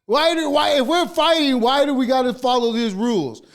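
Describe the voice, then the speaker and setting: A man's voice: very high voice, normal speed, creaky. A man co-hosting a podcast, ranting heatedly with constant swearing. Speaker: podcast co-host. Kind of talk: casual podcast rant.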